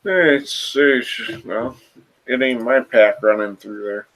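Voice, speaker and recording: A man's voice: mid-range voice, slow pace, fairly bright tone, slight background noise. A man voicing a crude, wary male rat-man who lives in the sewers, talking bluntly and with swearing, in a tabletop role-play. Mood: guarded. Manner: blunt, profane, laid-back.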